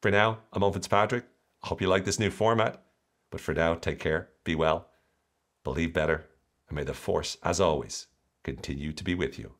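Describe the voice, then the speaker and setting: A man, hosting a solo podcast in a lively, jokey way with mocking asides. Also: deep voice, normal speed. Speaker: podcast host.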